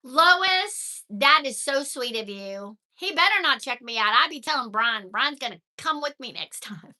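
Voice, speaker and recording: Chatty bright-voiced grandmother vlogger. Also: sits high, unhurried. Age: older. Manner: chatty and animated, thanks viewers by name. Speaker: vlogger reading live chat. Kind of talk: casual chat to viewers.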